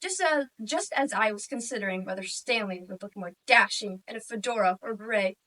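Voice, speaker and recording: This woman is a student competitor doing humorous interpretation storytelling, with a mid-range voice and dry, deadpan comic narration. The mic picks her up from a distance.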